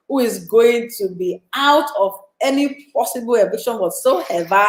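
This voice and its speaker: A woman's voice: medium pitch, reverberant, rough recording. A woman with a Nigerian accent hosting a casual live stream, chatting and reading out viewer comments. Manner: chatty, animated, asks viewers questions. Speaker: live-stream show host.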